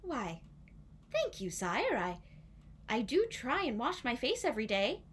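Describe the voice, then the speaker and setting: A woman's voice: a little high, wildly swooping pitch, a little slow, slight background noise, voice pushed up. A woman voicing a polite, clever young maiden.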